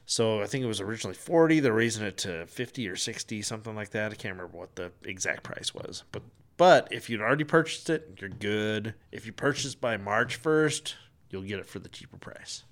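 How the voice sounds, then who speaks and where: A man's voice: on the low side, expressive, a little fast, fairly bright tone. Man, casual podcast co-host; exasperated, profane storyteller. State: sick with flu at the time told, not now.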